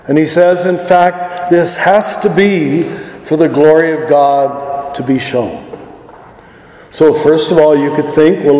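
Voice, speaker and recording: A man, a priest, reading the gospel and preaching a homily in a measured, deliberate way. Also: on the high side, darkish tone. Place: church. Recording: long church reverb.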